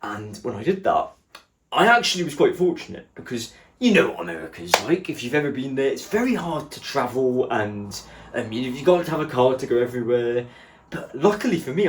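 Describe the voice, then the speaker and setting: A man's voice: mid-range voice, normal speed. A man doing stand-up, telling a story and acting out the people in it with shifting voices. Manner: animated, acts out other people's lines in shifting voices. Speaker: stand-up comedian.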